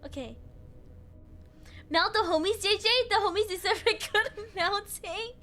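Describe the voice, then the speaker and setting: A woman's voice: very high voice, unhurried, sharp tone. A young woman streaming a horror game, jumpy and swearing, shrieking and giggling when scared. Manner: swears freely. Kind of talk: live gameplay commentary.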